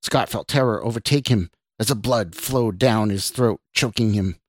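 A man, the podcast host, reading a horror story he wrote, in a measured, deliberate narration. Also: fairly low pitch, no echo, studio quality.

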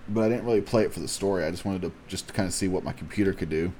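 A man chatting casually, relaxed and hesitant with frequent ums. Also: deep voice, racing, slight background noise. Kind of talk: casual chat.

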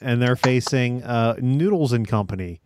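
A man's voice: mid-range voice, lively intonation, normal speed, background noise. A man hosting a casual podcast, reading out facts with hesitant ums and uhs. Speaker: podcast host.

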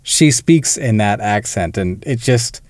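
A man's voice: fairly low pitch, animated, a little slow, darkish tone, no echo, studio quality. A man co-hosting a film podcast, explaining things in a casual, conversational way. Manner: conversational, explanatory, occasional laughs. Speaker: podcast co-host. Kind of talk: casual film review chat.

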